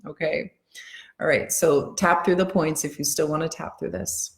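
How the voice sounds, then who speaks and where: A woman coach with a notably low voice guides listeners through tapping affirmations. She speaks slowly and soothingly. Between the affirmations she talks to her live viewers in a heartfelt, earnest way. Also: fairly even intonation. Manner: slow, soothing, gentle. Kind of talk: casual live-stream talk.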